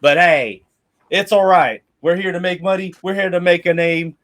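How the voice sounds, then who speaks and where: A man's voice: high-pitched, moderate pace, a bit bright. A man voicing a brash middle-aged mercenary leader who swaggers and talks crude. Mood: boisterous.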